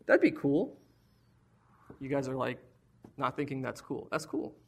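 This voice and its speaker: A man's voice: medium pitch, unhurried, gravelly. A man preaching a sermon to a congregation in a conversational, emphatic way, full of rhetorical questions and candid personal asides. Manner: shares personal struggles openly.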